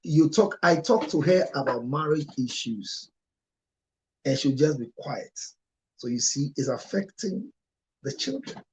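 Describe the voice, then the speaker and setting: A man's voice: animated, measured pace. Impassioned male marriage counselor. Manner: emotional, with sharp rises in pitch and loudness. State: near tears at times.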